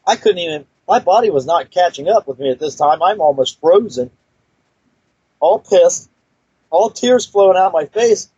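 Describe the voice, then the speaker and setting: A man recounts a frightening experience in a loose, rambling way, stopping and restarting often. His voice is slightly high and husky, and the recording is dry and dull, with a lo-fi sound. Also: animated, normal speed, a little mellow, no room sound. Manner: rambling, full of fillers and restarts. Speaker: guest storyteller. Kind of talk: personal story told casually.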